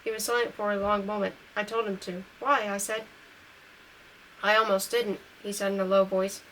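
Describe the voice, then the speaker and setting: A woman reads a novel aloud in an unpolished, home-recorded way, pausing to correct her own slips. Her voice sits in a middle pitch and gets a little brighter and louder on the characters' lines. A faint steady hiss runs under the recording. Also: low-quality recording. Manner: reads dialogue lines a little louder and livelier than narration. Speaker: audiobook reader. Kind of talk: amateur read-aloud of a novel.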